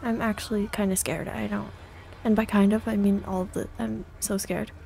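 A woman's voice: mid-range voice, little pitch movement, moderate pace, creaky, dark tone. A young woman giving casual let's play commentary in jittery, joking self-talk full of exclamations. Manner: jokey and self-deprecating. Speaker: gamer.

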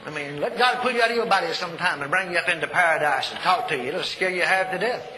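A man's voice: a little high, quick pace, sharp tone. An older man preaching a sermon in a folksy, emphatic way, laughing as he tells his stories, in an echoey hall recording with faint noise.

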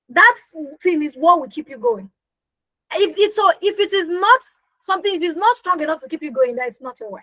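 A young woman teaching a live online business class in a high, bright voice. She speaks with emphasis, repeats key phrases for effect and keeps asking her listeners questions. The sound is close and dry, with no room around it. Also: lively intonation, brisk, no echo, rough recording. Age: young adult. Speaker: business coach hosting a workshop.

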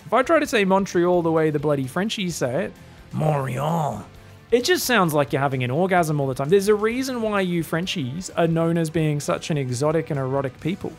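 Aussie guy casting a game by himself, gravelly voice, jokey and chatty. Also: on the high side, expressive, fairly quick, few pauses, soft background music. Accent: Australian. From Australia. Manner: joking, chatty, teasing asides. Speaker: esports caster. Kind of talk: solo game commentary.

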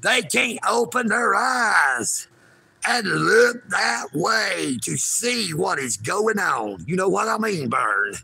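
A man, vlogging outdoors at a park in a folksy, rambling way that bursts into shouting. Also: high voice, very animated, takes it slowly, vocal fry, slightly rough. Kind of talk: rambling livestream vlog.

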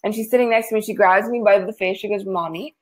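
A woman's voice: mid-range voice, fairly even intonation, fast talker, poor audio. A woman hosting a casual livestream chat, talking in a chatty, rambling way with frequent laughs. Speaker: host.

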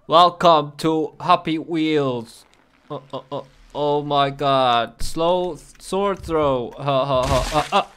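A man's voice: a little high, drawn-out words, fairly bright tone, clear, resonant tone, faint music behind. A man hosting his own gaming channel, giving playful, exclamatory commentary while he plays and talking to the game. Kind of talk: casual gameplay commentary.

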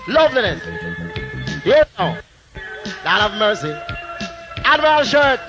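A Jamaican man deejaying live at a sound system dance, his voice sitting very high as he chants rhymes and taunts a rival on the mic. It comes from a muffled, lo-fi 1980s tape with loud reggae music running under every word. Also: very animated, a little slow. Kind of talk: live dancehall toasting over records. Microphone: handheld sound system mic.

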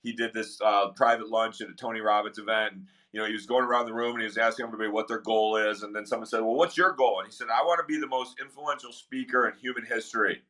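Male host, bright forceful tone, energetic and encouraging. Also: lowish voice, fast talker, hardly any pauses. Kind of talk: hosting a group discussion.

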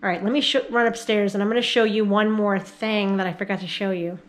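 A woman's voice: medium pitch, steady tone, quick pace, faint music behind, poor audio. A middle-aged woman giving a casual home tour vlog in her house, chatting to viewers as she walks from room to room. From New York, Catskills area. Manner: chatty, talks baby-talk to her dogs. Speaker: home vlogger. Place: home interior, house rooms.

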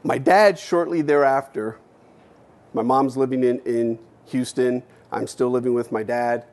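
A man from the United States giving a keynote speech. He tells a personal story bluntly, with casual swearing, and swings between hushed and emphatic delivery while acting out his own past words. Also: medium pitch, fairly even intonation, unhurried. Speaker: keynote speaker. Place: stage at a university event.

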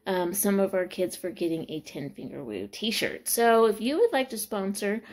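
A woman in her forties, vlogging in an excited, exclamatory way with frequent laughter, filmed in a small corner of a room. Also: medium pitch, moderate pace. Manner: bubbly, exclamatory, laughing often. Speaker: vlogger sharing faith and school news. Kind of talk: excited casual vlog testimony.

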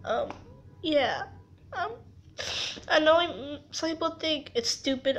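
A young woman crying as she talks in a confessional vlog, halting and rambling, stumbling over her words. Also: sits high, highs cut off, slight background noise. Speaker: vlogger.

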